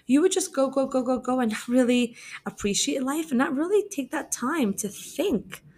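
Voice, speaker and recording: A woman's voice: a little high, a little mellow. Chatty young woman giving dating advice. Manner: conversational, many fillers like "you know" and "like", repeats words. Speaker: podcast host, dating coach and matchmaker. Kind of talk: casual advice monologue with storytelling.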